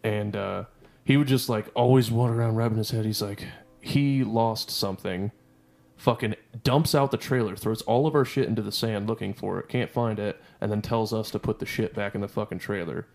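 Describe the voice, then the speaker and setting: A man's voice: fairly low pitch, fairly even intonation, fairly quick, gravelly, darkish tone. A man telling a heated army story on a podcast, swearing constantly and ranting. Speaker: podcast guest. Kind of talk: casual storytelling.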